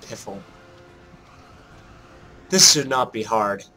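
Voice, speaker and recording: A man giving casual let's-play commentary, joking at his own mistakes and thinking out loud as he plays. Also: lowish voice, slow, soft background music. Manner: jokey, self-mocking, thinks aloud while playing. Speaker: gameplay commentator.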